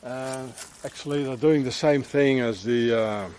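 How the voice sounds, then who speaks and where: A man's voice: medium pitch, a little slow, a little mellow. A man rambling on a walk-and-talk travel vlog outdoors in a town, with many fillers and restarts. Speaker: travel vlogger.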